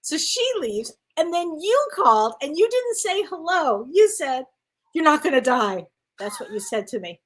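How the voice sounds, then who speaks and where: This woman guest shares her story in casual chat with plenty of acted-out voices and frequent laughter, an animated storyteller throughout. Her voice is very high, at normal speed with hardly any pauses.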